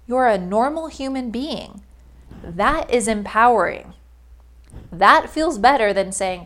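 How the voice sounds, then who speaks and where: A woman's voice: a little high, expressive, unhurried, a bit bright. Casual, emphatic young woman coach. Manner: casual, emphatic, frequent "like" fillers. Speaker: life coach. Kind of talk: motivational podcast monologue.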